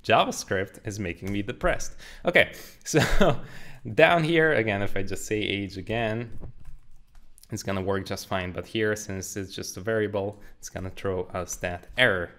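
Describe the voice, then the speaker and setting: A man's voice: on the low side, moderate pace, a bit bright. A young man in his twenties giving a casual, joking coding tutorial, talking through his code as he types. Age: 20s. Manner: upbeat, joking, explains while typing. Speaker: programming tutor. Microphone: studio condenser mic.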